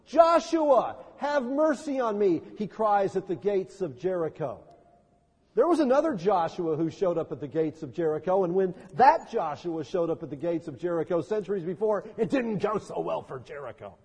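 A man's voice: high voice, lively intonation, normal speed, darkish tone, husky. A man preaching a sermon as pastor, reading scripture and rising to impassioned cries. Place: church sanctuary. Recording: long church reverb.

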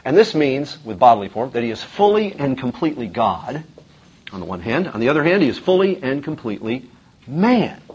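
A man teaching a Bible class in an emphatic, animated way, with frequent ums and uhs. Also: mid-range voice, a little fast, husky. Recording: dull lo-fi recording.

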